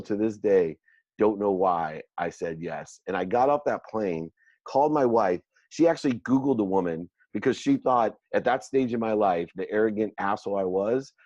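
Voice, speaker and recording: A middle-aged man, a guest on an interview show, telling his life story in an animated, self-mocking way and acting out the dialogue. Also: fairly low pitch, no echo. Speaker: guest entrepreneur. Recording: dull lo-fi dry sound.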